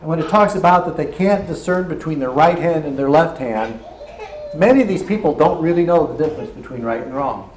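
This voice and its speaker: A man's voice: a little high, lively intonation, brisk. Male preacher, earnest sermon, light hiss under a roomy hall echo. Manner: earnest, checks in with listeners.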